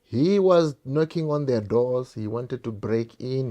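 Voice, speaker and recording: A man's voice: medium pitch, expressive, a little slow, hardly any pauses, warm tone. A South African man telling a painful personal story straight to his viewers, repeating phrases and calling them guys. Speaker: vlogger.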